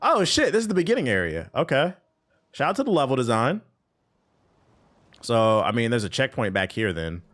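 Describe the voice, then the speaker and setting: A man's voice: mid-range voice, big pitch swings, moderate pace, pauses often, fairly bright tone. A man streaming a game, chatting casually with his chat in loose, profane slang. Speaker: gaming streamer. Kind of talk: casual live-stream commentary while playing.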